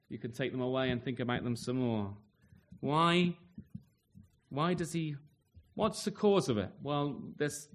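A male preacher giving a sermon in a conversational way, often ending points with questions to the congregation and restarting phrases as he searches for words. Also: mid-range voice. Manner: conversational, full of rhetorical tag questions; restarts and stumbles while reaching for words.

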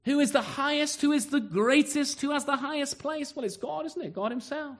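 This preacher has a very high-pitched voice and talks at normal speed. His sermon to the local church is lively, packed with rhetorical questions and small acted-out exchanges.

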